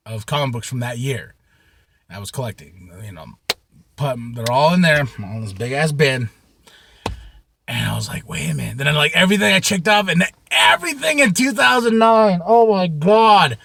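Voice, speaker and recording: A man telling a rambling story to camera in a casual, profane way, with sudden shouts and many repeats. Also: fairly high pitch, vocal fry, dry recording. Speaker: vlogger.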